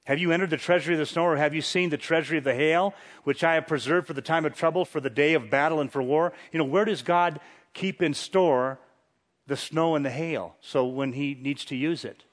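A man's voice: a little high, normal speed. A man preaching a sermon, reading scripture dramatically and pressing rhetorical questions with chuckles. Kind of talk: sermon, Bible exposition.

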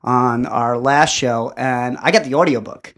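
A man's voice: mid-range voice, measured pace, fairly bright tone. A man hosting a casual comics podcast, talking energetically and laughing often. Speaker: podcast host. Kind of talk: casual chat.

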